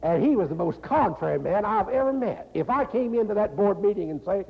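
Gravelly North Carolina preacher with lively pitch. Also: male voice, brisk. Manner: folksy, laughing, animated preaching with repeated "you know". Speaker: pastor. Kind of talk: sermon. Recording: dull lo-fi recording in a reverberant hall.

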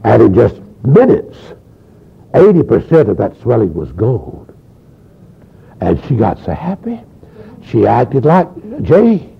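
A man preaching a sermon, telling a healing story with animated delivery and frequent stammered repeats. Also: mid-range voice, slow pace, creaky, pauses often, slightly rough. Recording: dull lo-fi sound.

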